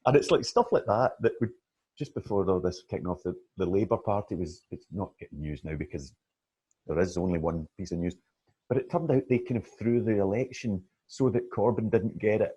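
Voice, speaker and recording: A middle-aged Scottish man co-hosting a podcast in casual, animated chat, laughing often. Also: lowish voice, a little fast, husky, highs cut off. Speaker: podcast co-host.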